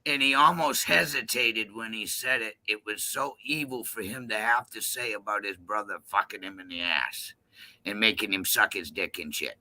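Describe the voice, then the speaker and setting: A man chatting casually, loud, crude and heavily profane. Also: lowish voice, moderate pace. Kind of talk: casual chat.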